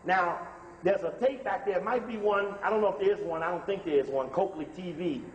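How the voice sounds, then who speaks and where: Brief: man with a high voice, emphatic lecture commentary on footage, reverberant hall. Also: muffled recording. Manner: conversational, emphatic, repeats instructions to pause the tape. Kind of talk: lecture commentary over video clips.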